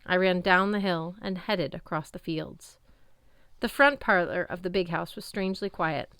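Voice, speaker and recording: A woman narrating a first-person audiobook in an expressive storytelling manner. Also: on the low side, moderate pace, smooth, no echo, studio quality.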